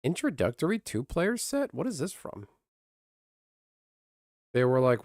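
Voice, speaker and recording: A man's voice: a little high, huge pitch swings, measured pace, a little mellow, no echo. Blunt, profane streamer man, dry close sound. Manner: blunt, profane, rambling with many restarts. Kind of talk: casual livestream rant.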